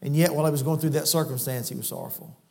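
Preacher in a reverberant church. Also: male voice, very fast, gravelly. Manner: folksy storytelling that swells to loud, high-pitched preaching. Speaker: guest preacher. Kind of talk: sermon. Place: church sanctuary.

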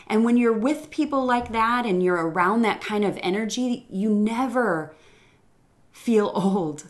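An earnest, reflective middle-aged woman speaks in a personal faith-podcast monologue. Her pitch sits in the middle of the usual range for a woman, and now and then she pauses on a soft "um" before carrying on. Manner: earnest and reflective, with some hesitant "um"s. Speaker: podcast host.

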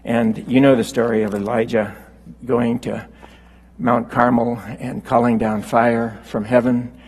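A man preaching a sermon, unhurried and halting with fillers, rising when he quotes scripture. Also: medium pitch, level tone, darkish tone, big-room sound, low-quality recording.

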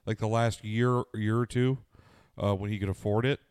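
رجل أمريكي متعب يروي بصوت عميق وواضح وجاف. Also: male voice, lowish voice, steady tone, moderate pace, a little mellow, clear, resonant tone, dry recording. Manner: rambling storytelling, heavy swearing and fillers. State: tired with sniffles. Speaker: podcast co-host. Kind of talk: casual podcast chat.

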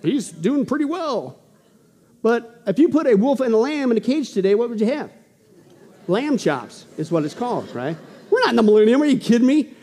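A man preaching a sermon in an animated, emphatic way with joking asides. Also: very high voice, normal speed, big-room sound.

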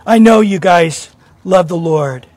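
Earnest high-voiced male pastor. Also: slow pace, a little mellow, no echo. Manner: earnest, questioning, repeats words when starting. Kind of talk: sermon.

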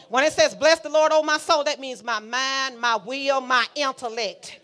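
A woman pastor preaches in church, her voice high, bright and ringing. She talks to the congregation in a fiery, conversational way, slipping into quiet asides and then rising to shouts. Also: normal speed, hardly any pauses. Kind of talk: sermon. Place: church sanctuary.

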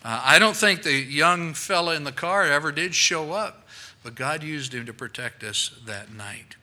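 Bright-voiced animated male pastor. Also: on the high side, moderate pace, rough recording. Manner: animated storyteller acting out quoted voices. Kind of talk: sermon storytelling. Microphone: worn microphone.

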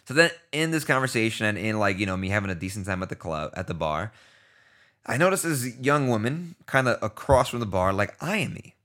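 A man in his thirties from New York City tells a story on his podcast in a casual way. His voice sits fairly low, and he acts out the dialogue in quick back-and-forth. Now and then he drops into low, muttered asides. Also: very animated, a bit bright. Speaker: podcast host.

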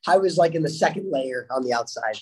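A man's voice: fairly high pitch, expressive, brisk, poor audio. A young man who plays hockey talks casually in an interview. He sounds upbeat, laughs often and tends to repeat himself as he goes. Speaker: hockey player.

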